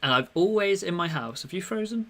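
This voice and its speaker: Young guy chatting on a podcast, animated, does little voices when he quotes people. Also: high-pitched, brisk. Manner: animated storyteller, acts out quotes. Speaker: podcast co-host. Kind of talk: casual chat.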